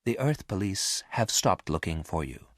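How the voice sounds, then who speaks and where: A man voicing a calm, all-knowing male robot who speaks quietly and evenly. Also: lowish voice, moderate pace, no room sound, studio quality. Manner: quiet, even.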